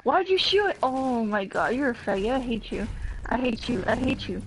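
A woman's voice: on the high side, sing-song, normal speed, a little hiss or hum, low-quality recording. A woman in a casual gaming voice chat, teasing and prone to dramatic outbursts.

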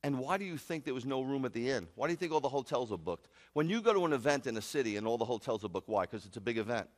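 Man, rabbi, sermon, lively pitch, emphatic and joking, long hall reverb. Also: racing. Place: congregation sanctuary.

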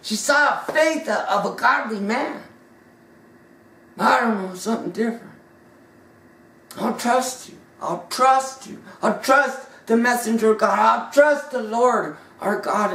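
Slow, fervent woman preaching. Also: medium pitch, fairly bright tone. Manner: fervent, stammering repetitions. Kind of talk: sermon. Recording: echoey room, mic far off.

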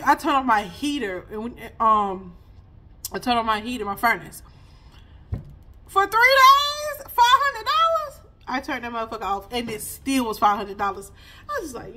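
Woman, 30s, high husky voice; sassy, laughing spiritual reader. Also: fairly quick, pushed and bright. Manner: chatty, laughing, sassy asides. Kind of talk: casual spiritual reading vlog.

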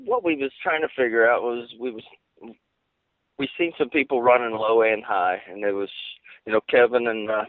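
A male race driver answers questions in a lowish, plain-spoken voice, halting and restarting as he goes. The audio is thin, dry and phone-like. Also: no echo. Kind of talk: casual interview answers. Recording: tinny phone-like line.

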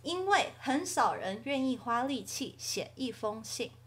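A woman's voice: sits high, very animated, measured pace, fairly bright tone. A woman hosting a language lesson, explaining words casually with friendly asides. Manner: chatty, friendly asides, occasional light laughs. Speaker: language teacher and show host. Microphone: studio microphone.

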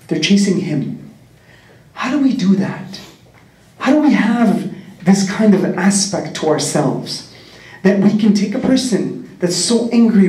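A man's voice: high-pitched, a little mellow, distant mic. Earnest man in an echoey hall. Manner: earnest, asks rhetorical questions. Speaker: community speaker. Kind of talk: storytelling religious talk. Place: large prayer hall. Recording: echoey hall, mic set back.

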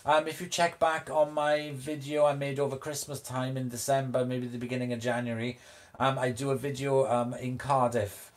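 A man's voice: medium pitch, level tone, normal speed. A man hosting a live stream, chatting casually and giggling as he reads out viewer comments.

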